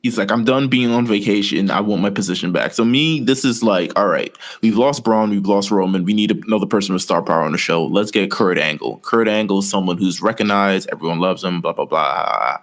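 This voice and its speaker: A man's voice: low-pitched, fairly quick, few pauses. A man co-hosting a casual wrestling podcast, rambling through a story with lots of quoted asides. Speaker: podcast co-host.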